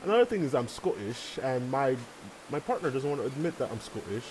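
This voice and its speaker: Gaming host, male, rambling and laughing, animated pitch, faint room noise behind. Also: a little fast. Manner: chatty, rambling, swears, laughs often. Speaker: let's play host. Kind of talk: casual gaming commentary. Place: home room with large windows.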